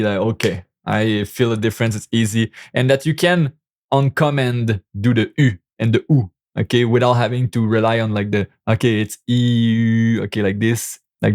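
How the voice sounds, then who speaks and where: A man's voice: mid-range voice, a little mellow. A young man from Quebec with a Québécois French accent, a native French speaker teaching pronunciation in a casual spoken lesson, repeating each sound many times. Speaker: language teacher.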